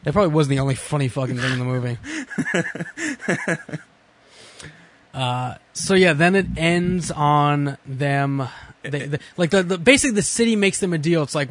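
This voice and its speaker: A man's voice: a little high, moderate pace, long pauses. A man co-hosting a podcast, reviewing a movie in casual, rambling, sardonic chat full of swearing and restarts. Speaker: podcast co-host.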